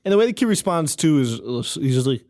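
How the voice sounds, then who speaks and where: A man's voice: on the high side, big pitch swings, a little fast, darkish tone, dry recording. A man co-hosting a horror podcast, chiming in with short, dry quips and laughter. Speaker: podcast co-host. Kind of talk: casual podcast banter.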